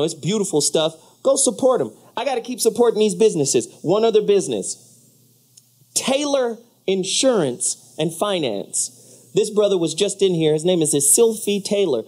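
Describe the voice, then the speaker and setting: A radio host in his studio, talking casually and with hype. His pitch swings widely up and down as he talks. The delivery is animated and loud at the peaks. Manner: animated, hyped.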